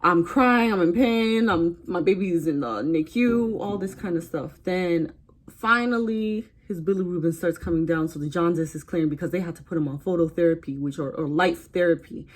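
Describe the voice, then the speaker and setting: A woman's voice: fairly low pitch, normal speed. Chatty young woman telling a storytime. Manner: chatty and animated, breaks into quoted voices. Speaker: vlogger. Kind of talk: casual storytime while getting ready.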